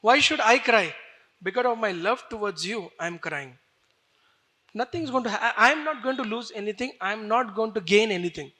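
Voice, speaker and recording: A man's voice: sits high, expressive, a little fast, pushed and bright, heavily acted. A man voicing a scheming older maidservant woman who wails and pleads urgently. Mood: urgent pleading.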